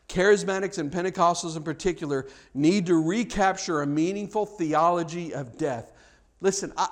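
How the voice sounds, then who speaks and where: A man preaching a sermon, telling a story with acted-out dialogue and frequent stammered repeats. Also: on the high side.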